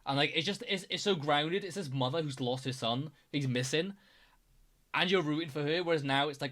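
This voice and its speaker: A man's voice: fairly high pitch, fairly quick, a bit bright. A man chatting casually as a streamer reacting to videos, enthusiastic and rambling. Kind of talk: casual chat.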